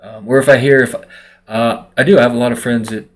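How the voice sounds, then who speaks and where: A man's voice: mid-range voice, quick pace. A man vlogging casually to his viewers, rambling along with lots of fillers. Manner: relaxed, rambling with many fillers. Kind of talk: casual monologue to camera.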